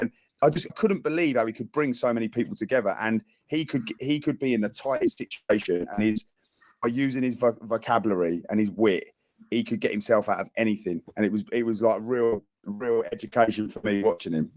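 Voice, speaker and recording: A man's voice: lowish voice, brisk, darkish tone, no echo. A British man, a former footballer, rambling through a story on a podcast and often repeating himself. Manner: rambling, repeats words as he talks. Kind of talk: casual chat.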